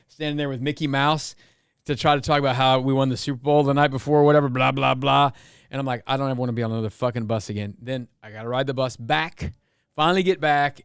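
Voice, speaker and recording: A man's voice: medium pitch, clean tone, dry recording, clean studio sound. A man hosting a podcast, rambling through a story with plenty of swearing. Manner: rambling, swears, reads timestamps aloud. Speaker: podcast host. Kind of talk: casual podcast chat.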